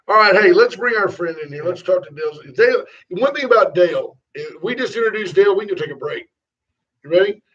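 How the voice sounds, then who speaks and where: A man's voice: high-pitched, expressive, a little fast, fairly bright tone. A man co-hosting a casual morning radio show, joking and dropping into comic voices. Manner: jokey, slips into comic voices. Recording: distant, dull lo-fi sound.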